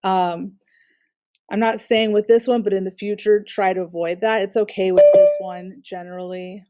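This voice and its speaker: A woman's voice: medium pitch, fairly even intonation, moderate pace, dark tone, no echo. Woman art teacher on a video call. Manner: encouraging, gives direct critique with fillers. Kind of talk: live online class critique.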